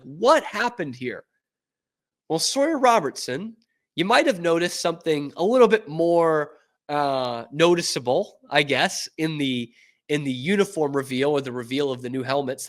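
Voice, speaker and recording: A fairly high-voiced man hosts a sports podcast in a casual, chatty style. He talks with animated swings in tone and laughs easily, and his sentences are full of "like" and restarts. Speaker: podcast host.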